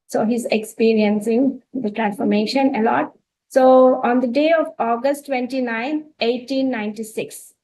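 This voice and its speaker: Woman with an Indian English accent, fairly high voice, earnest storyteller who restarts often. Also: darkish tone, rough recording. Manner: earnest, with many fillers and restarts. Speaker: spiritual talk presenter. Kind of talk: storytelling talk.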